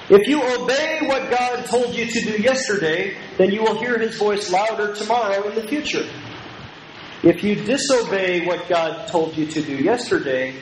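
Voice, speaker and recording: A man's voice: high voice, normal speed. A man preaching an emphatic, repetitive Bible lecture and leading call-and-response with his listeners. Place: lecture hall. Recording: echoey room with faint noise.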